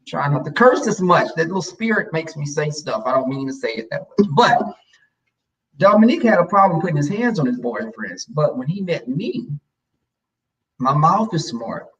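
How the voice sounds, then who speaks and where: A man telling a personal story in a casual chat, sassy and animated, acting out what people said. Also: high-pitched, far from the mic, low-quality recording. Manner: animated, sassy, acts out quoted lines.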